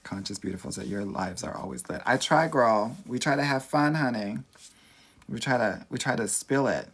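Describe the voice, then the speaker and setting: Speaking in a mid-range, expressive voice at a moderate pace, this Southern Californian man has a Valley accent and a creaky quality. As a dating coach on a laid-back livestream Q&A, he's campy and sassy and addresses everyone as "girl."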